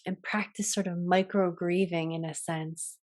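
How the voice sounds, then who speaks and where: A woman hosting a reflective solo talk as a yoga teacher, soft-spoken and gentle, often trailing off and restarting her sentences. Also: fairly low pitch, steady tone, unhurried. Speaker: podcast host and yoga teacher.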